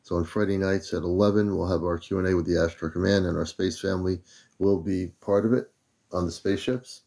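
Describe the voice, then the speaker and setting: An older man from the United States hosts a laid-back livestream, welcoming viewers by name in an easy, unhurried way. His voice is very low and dark, and mellow in tone. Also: vocal fry. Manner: relaxed, greets viewers by name. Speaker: livestream host. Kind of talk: casual livestream greetings.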